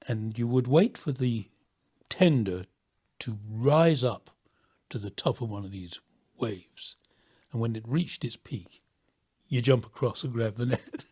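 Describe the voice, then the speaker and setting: A man, a former pirate radio DJ, telling stories of his days on the ship with lively laughs and hushed moments. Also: medium pitch, a little slow. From England. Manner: animated storytelling with laughs, drops to near whisper. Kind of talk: reminiscing interview.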